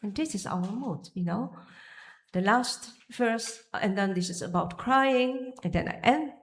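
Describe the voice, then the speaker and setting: A woman's voice: a little high, a little slow. Woman giving a devotional temple lecture. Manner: searching for pages, restarting phrases. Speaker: speaker giving a temple class. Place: temple hall.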